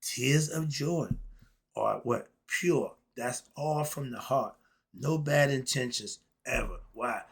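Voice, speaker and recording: Male host, casual monologue; husky, gravelly delivery, drawn-out stresses, punchy rhetorical questions. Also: mid-range voice. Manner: emphatic, asks himself rhetorical questions and answers them. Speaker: host of his own online channel.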